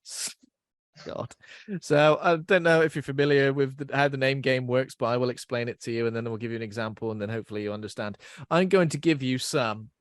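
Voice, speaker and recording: A man's voice: medium pitch, steady tone, fairly quick, dry recording, clean studio sound. A young man hosting a podcast in casual chat, rambling and self-deprecating as he laughs at his own jokes. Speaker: podcast host.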